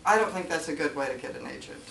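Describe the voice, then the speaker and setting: An older woman speaking as guest at a writers' meeting, chatty and animated, acting out quoted voices as she tells stories. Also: sits low, fast, vocal fry. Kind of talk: casual storytelling talk. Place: meeting room. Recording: far-off mic in an echoey room with faint noise.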